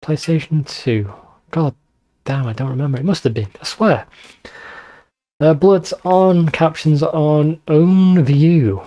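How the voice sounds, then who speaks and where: A man's voice: a little high, takes it slowly, warm tone. A man with a northern English accent chatting casually and swearing while commenting on a video game. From northern England. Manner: chatty, swears freely, mocking asides. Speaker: let's play host.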